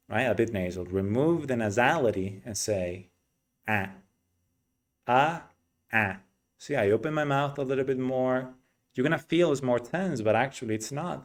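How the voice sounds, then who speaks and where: A man teaching English pronunciation in an unhurried way. His voice sits at an ordinary middle pitch, and he breaks up his explanations by saying the vowel sounds aloud again and again. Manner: explains slowly, demonstrates vowel sounds by repeating them.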